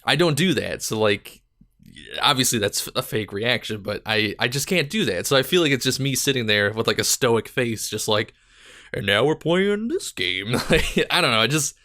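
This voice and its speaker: A young man rambling through a casual solo podcast with a bright, forward voice. He talks loosely with plenty of "like"s, a bit out of breath. His voice is close and dry, with no room sound. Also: mid-range voice, expressive, moderate pace, dry recording. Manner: rambling, filler-heavy, self-deprecating. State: slightly out of breath. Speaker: podcast host and gaming YouTuber.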